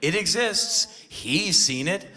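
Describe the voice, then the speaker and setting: Bright-voiced ranting man on stage. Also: high-pitched, animated, slow. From United States. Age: 40s. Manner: ranting, sardonic, bursts into shouted impressions. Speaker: spoken word performer. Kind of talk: live spoken word comedy. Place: live stage before an audience.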